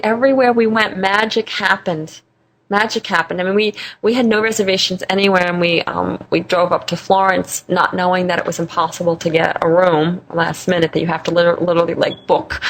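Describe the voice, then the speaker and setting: Gravelly-voiced woman telling a story. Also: on the low side. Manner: animated, laughs often, repeats phrases for emphasis. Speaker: interview guest. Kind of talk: conversational storytelling.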